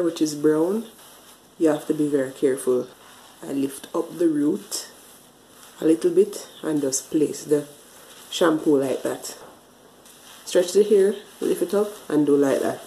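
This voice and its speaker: Woman, casual hair tutorial, chatty step-by-step, deep warm voice, roomy echo. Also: a little hiss or hum. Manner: chatty, explains step by step while washing her hair. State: a bit out of breath. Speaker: hair care vlogger. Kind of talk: casual tutorial talk to camera.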